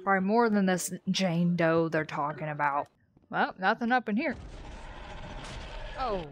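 A young woman playing horror games on her channel, gasping and reacting out loud as she goes. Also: on the low side, measured pace, dull audio. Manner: excitable, yelps and gasps. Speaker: gaming YouTuber.

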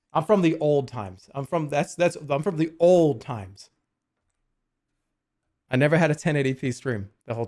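A man in his forties with a medium-pitched, darkish voice chats with viewers on a casual livestream. He swears and jokes as he pieces together a puzzle.

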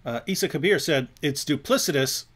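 A man's voice: a little high, brisk, a bit bright. A man hosting a live stream, reacting casually to a clip with chuckles and many fillers. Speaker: livestream host.

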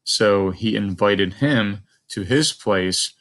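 A man with a lowish voice models a close read for children, pausing to think aloud. He keeps putting questions to his listeners as he goes. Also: a bit bright. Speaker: teacher.

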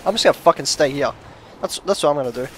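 A man commentating his own shooter gameplay, swinging between frustrated shouts, rants and quiet muttering. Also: fairly high pitch, lively intonation, fast talker, a little hiss or hum. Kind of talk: gaming commentary. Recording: game gunfire behind the voice. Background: gunfire from the game.

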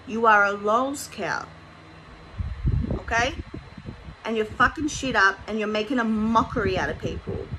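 A woman's voice: fairly high pitch, noisy background. A woman hosting a commentary video, criticizing bluntly with some swearing. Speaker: commentary YouTuber. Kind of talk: commentary vlog.

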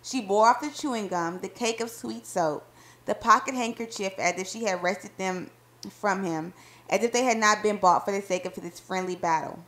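A woman reading a short story aloud in calm, measured narration. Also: medium pitch.

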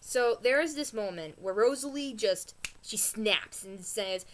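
Woman vlogger, somewhat high voice, excitable rambling rant review with gasps and exclamations. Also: measured pace, few pauses.

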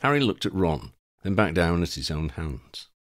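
A man narrating a fan fiction audiobook chapter in an expressive, dramatic storytelling style. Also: low voice, normal speed. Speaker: audiobook reader.

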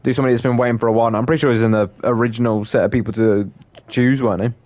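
A man's voice: medium pitch, fairly even intonation, rapid-fire, darkish tone, no room sound. A man giving casual, joking let's-play commentary, laughing often and calling people mate. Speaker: gameplay commentator.

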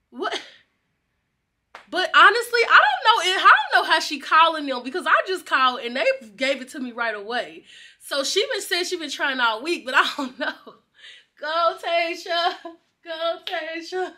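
Young woman vlogger, high and bright, excitable and slangy, laughs a lot. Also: moderate pace. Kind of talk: casual vlog chat.

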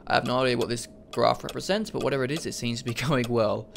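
A young man giving excitable, jokey commentary as he plays a video game, often laughing. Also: medium pitch, quick pace, creaky, a little hiss or hum. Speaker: let's play host. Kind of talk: gaming commentary.

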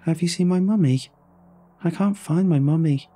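A man voicing an eerie little lost girl who speaks in a tiny, flat, hopeless voice. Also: a little high, normal speed, pitched above the performer's own voice, close to an everyday voice. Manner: tiny, emotionless, repeating herself.

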